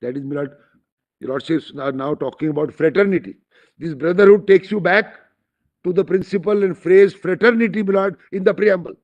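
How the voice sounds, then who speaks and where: A lawyer with an Indian accent argues formally before a bench of judges, deferential yet emphatic, constantly addressing the bench. His voice is high-pitched and brisk. The courtroom recording is dull and lo-fi.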